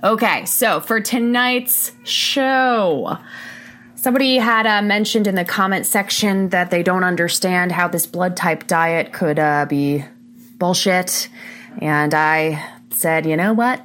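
A woman's voice: fairly low pitch, takes it slowly, fairly bright tone. A woman hosting a talk radio show, speaking in a casual, blunt, sarcastic monologue full of rhetorical questions.

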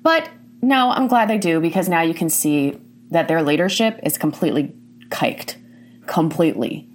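A woman's voice: sits low, lively intonation, moderate pace. A woman hosting a commentary show, ranting bluntly and indignantly, swearing often.

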